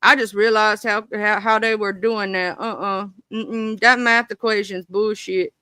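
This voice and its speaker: A woman's voice: medium pitch, steady tone, a little slow, pushed and bright, clear, resonant tone, no echo, clean studio sound. A woman streaming live, reading a ranked list aloud and breaking into indignant, swearing asides to her viewers. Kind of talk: casual live-stream chat.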